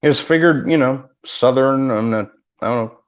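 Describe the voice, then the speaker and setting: A hesitant man weighs his words on a live movie review chat, restarting often. His audio comes through a dull, lo-fi line. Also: mid-range voice. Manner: measured, hesitant, many restarts and fillers. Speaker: podcast co-host.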